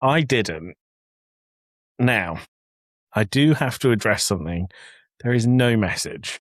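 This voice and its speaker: This young Englishman co-hosts a podcast from a home office, laughing a lot as he jokes his way through a story in casual chat. His voice sits on the low side, expressive and slow, with no room sound.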